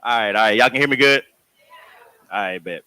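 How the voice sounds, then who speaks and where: A man performing sensual spoken word poetry with a smooth, slow, sensual delivery. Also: fairly low pitch, pushed and bright, no room sound. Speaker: performing poet.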